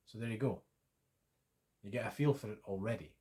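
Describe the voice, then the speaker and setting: A man's voice: fairly low pitch, fairly quick, warm tone. A man whose first language is English teaching Swedish vowels, spelling out letters and patiently repeating sounds. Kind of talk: slow, deliberate pronunciation lesson.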